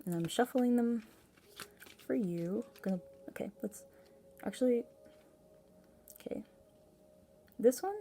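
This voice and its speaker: A woman's voice: on the high side, takes it slowly, pauses often, warm tone, slight background noise. A woman giving a casual, intuitive tarot reading to camera, rambling and effusive, with lots of fillers and self-interruptions. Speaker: tarot reader.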